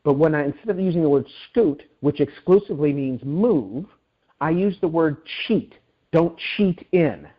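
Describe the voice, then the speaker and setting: A man's voice: fairly high pitch, animated, normal speed. A middle-aged man being interviewed as an author, telling stories animatedly with frequent restarts and repeated words. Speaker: guest author. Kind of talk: interview storytelling. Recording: dull lo-fi audio.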